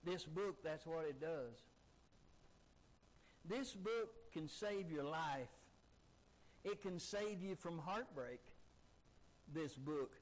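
Firing off one rhetorical question after another, a high-pitched male preacher delivers his sermon with force. The recording sounds rough.

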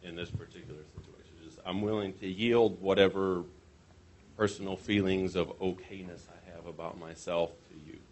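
A man's voice: low voice, fairly even intonation, moderate pace, darkish tone, low-quality recording. A man in a class discussion, thoughtful and searching for his words. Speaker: class participant.

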